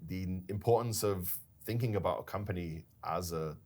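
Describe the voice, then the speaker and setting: A man co-hosting a casual business chat, telling stories in an animated way and laughing now and then. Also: sits low, moderate pace. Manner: storytelling, animated retelling with laughs. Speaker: company founder and podcast co-host.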